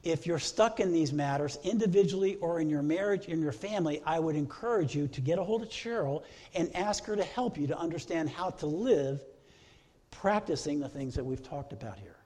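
A man's voice: a little high, animated, a little fast, dark tone. A middle-aged man preaching a sermon as pastor, earnest, stacking repeated phrases into lists.

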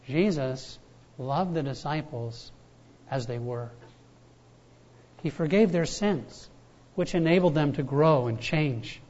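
A man preaching a relaxed, conversational sermon, his voice sitting a little high for a man. He repeats his key words for weight and tells stories in a chatty way. The recording sounds dull and lo-fi. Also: slow, long pauses. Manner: conversational, storytelling preacher with repetitions. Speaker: pastor.

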